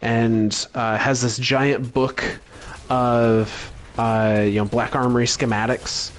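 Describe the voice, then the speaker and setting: A man co-hosting a casual podcast, calmly summarizing game lore with frequent fillers. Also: medium pitch, slow pace. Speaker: podcast co-host.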